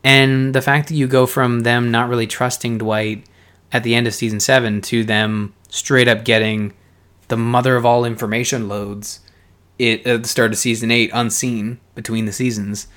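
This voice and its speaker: Podcast guy working through his thoughts out loud, mid-pitch voice, lots of "you know". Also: level tone, normal speed. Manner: thoughtful, rambling, frequent "you know" and restarts. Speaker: podcast co-host. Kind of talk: casual chat about a TV show.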